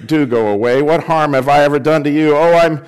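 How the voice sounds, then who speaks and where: A man voicing a frightened young boy lost in the dark, pleading in a panicky voice during a sermon reading. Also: on the high side, a little fast, smooth, pitched above the performer's own voice, lightly acted, poor audio. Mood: terrified pleading.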